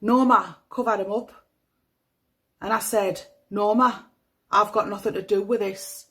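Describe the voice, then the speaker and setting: A woman's voice: mid-range voice, steady tone, a little slow, a bit bright, natural voice. A woman with a Northeast English accent reading aloud a young girl's statement to the police, in a matter-of-fact voice. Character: young girl giving a flat police statement.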